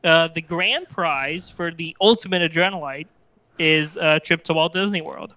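A man's voice: fairly high pitch, moderate pace, bright, forceful tone, dry recording. A man co-hosting a casual chat, eager and often restarting his sentences. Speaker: podcast co-host.

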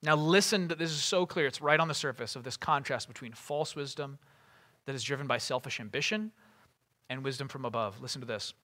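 Bright, casual-toned man preaching. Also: mid-range voice, fairly quick. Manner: casual asides with many fillers. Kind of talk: sermon.

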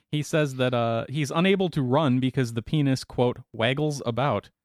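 A man's voice: medium pitch, normal speed, darkish tone, no room sound, studio quality. A man co-hosting a podcast, reading out a news story in casual chat with wry asides and laughs. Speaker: podcast co-host.

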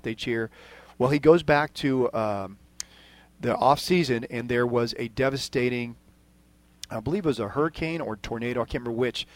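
Man hosting a sports talk show. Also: mid-range voice. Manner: storytelling to listeners, fillers. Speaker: radio show host.

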